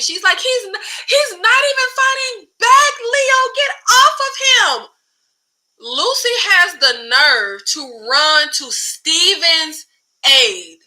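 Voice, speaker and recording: A woman giving a sassy, animated recap of a TV show, acting out the characters' lines as she goes. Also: high-pitched, rough recording. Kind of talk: casual TV recap commentary.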